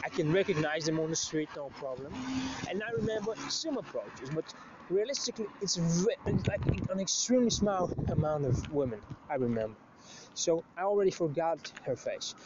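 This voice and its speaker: A man's voice: on the high side, animated, normal speed, heavy background noise. A man telling a story in a casual monologue, crude and profane, rambling with many restarts. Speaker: show host. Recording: slightly muffled lo-fi recording.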